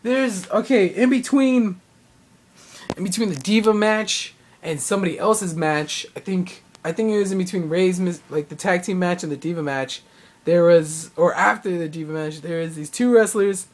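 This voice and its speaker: A young man talks through a live event he went to in a loose, rambling way. He gets excitable, stacks up fillers and slips into acted-out quotes as he goes. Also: high-pitched, normal speed. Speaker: vlogger. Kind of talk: casual recap of a live event.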